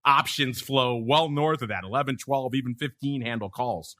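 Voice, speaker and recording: A man's voice: medium pitch, normal speed, sharp tone. A man hosting a podcast, chatting casually about markets and laughing often in playful banter. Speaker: podcast host.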